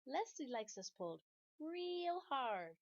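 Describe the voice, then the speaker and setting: A woman voicing a mischievous talking pigtail that whines and coaxes in a high, sing-song voice. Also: big pitch swings, slow, dull audio, full character voice. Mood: wheedling. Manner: wheedling, pleading.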